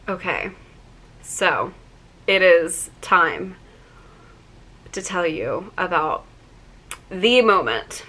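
Bright, gushing young woman. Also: lowish voice, extremely slow, long pauses. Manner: excited, gushing, heavy use of "like". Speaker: vlogger. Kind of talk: casual storytime.

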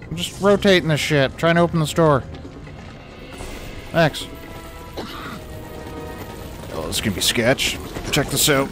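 A young man casually commenting on a video game run, sarcastic and given to yelling at characters. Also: a little high, very animated, a little slow, long pauses. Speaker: gaming YouTuber. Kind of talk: casual let's-play commentary. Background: game music.

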